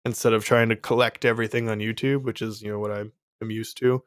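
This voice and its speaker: A man's voice: on the low side, flat delivery, fast talker, smooth, dry recording. A young man in casual livestream chat, rambling with many fillers and frequent laughs. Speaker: streamer selling his course.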